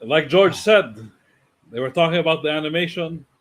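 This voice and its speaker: A man co-hosting a live stream, excitable and quick to react. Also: fairly high pitch. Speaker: co-host. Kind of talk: casual live-stream chat.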